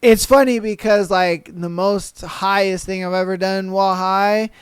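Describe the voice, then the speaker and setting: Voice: medium pitch, steady tone, measured pace, clear, resonant tone, dry recording. A podcast host chatting casually on a solo show, cursing freely, laughing often and reacting to listener posts.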